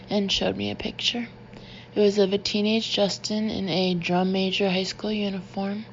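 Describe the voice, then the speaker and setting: A woman narrating an audiobook in the first person, with a steady and measured delivery. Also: mid-range voice, vocal fry, muffled recording, slight background noise.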